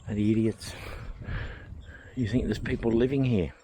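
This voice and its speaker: Excitable man rambling on an outdoor hillside walk. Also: lowish voice, normal speed, background noise. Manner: excitable, thinks aloud, rambling asides. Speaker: vlog host exploring a historic site. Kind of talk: casual vlog commentary while walking.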